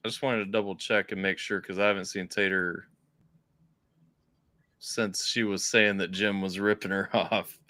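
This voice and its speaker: A man's voice: sits low, level tone, normal speed, pushed and bright, no echo. Laid-back man on a dry mic. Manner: laid-back, agreeable, slangy. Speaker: stream host. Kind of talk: casual reaction chat. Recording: dry close mic, faint music behind.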